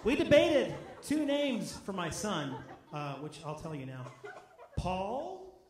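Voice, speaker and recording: A man's voice: high voice, sing-song, slow pace, a crowd in the background. Man doing stand-up in an echoey club. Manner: punchy, self-mocking delivery with loud bursts. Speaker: stand-up comedian. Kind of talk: stand-up set. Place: comedy club stage with live audience. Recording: echoey club room, audience noise.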